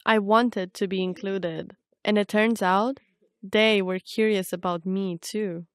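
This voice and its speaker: A woman's voice: mid-range voice, steady tone, takes it slowly, clear, resonant tone, no room sound. A young Romanian-born woman, a native Romanian speaker, reads scripted documentary narration about her own life. Her delivery is reflective and personal. The recording is close and completely dry, with no room sound. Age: young adult. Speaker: narrator and reporter.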